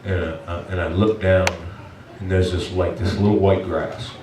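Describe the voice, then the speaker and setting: A man preaches a story with animated feeling, stumbling and restarting as he speaks. His voice sits a little low and carries from a distance, with a roomy church echo and faint hiss behind it. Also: moderate pace. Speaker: pastor. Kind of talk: storytelling sermon. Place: church sanctuary. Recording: echoey church room from afar.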